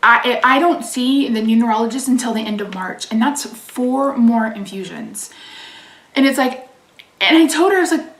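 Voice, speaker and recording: A woman's voice: on the high side, expressive, normal speed, reverberant, recorded from a distance. A woman hosting her own channel, venting in casual chat about a frustrating phone call, swearing and reading viewer names aloud. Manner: reads chat names aloud between sentences. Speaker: channel host.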